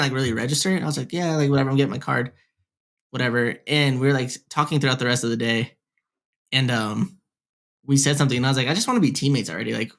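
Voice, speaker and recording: A young man tells a story on a gaming podcast, rambling and packed with "like" and "whatever." He talks into a headset mic, his voice sitting at an ordinary middle pitch. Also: vocal fry, a bit bright. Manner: rambling, heavy filler "like, whatever". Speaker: podcast co-host. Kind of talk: casual storytelling.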